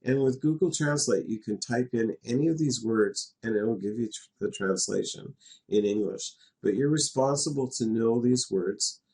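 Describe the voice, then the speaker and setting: A man's voice: medium pitch, normal speed, darkish tone. A middle-aged man from western Canada teaching a class, patient and chatty, laughing now and then as he explains. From Canada, West Coast. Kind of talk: classroom lesson in a virtual world.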